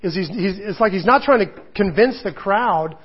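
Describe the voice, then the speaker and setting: A man preaching a sermon with an animated, self-deprecating storytelling manner, a father of young children. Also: sits high, moderate pace, breathy edge, lo-fi sound. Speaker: pastor.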